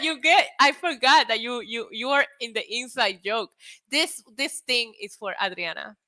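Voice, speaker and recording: A young woman streamer chatting casually on a live stream, telling stories in an excitable, animated way with lots of swearing. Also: a little high, slow.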